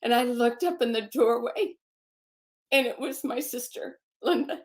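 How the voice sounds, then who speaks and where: High-voiced woman giving emotional testimony. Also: darkish tone. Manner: halting and emotional, repeats phrases; religious, recites scripture. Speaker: guest. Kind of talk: personal testimony.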